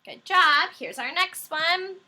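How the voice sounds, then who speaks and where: Bright, slow-spoken woman teaching phonics. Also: very high-pitched. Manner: slow, patient, encouraging, stretches out words and letters. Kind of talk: phonics lesson for young children.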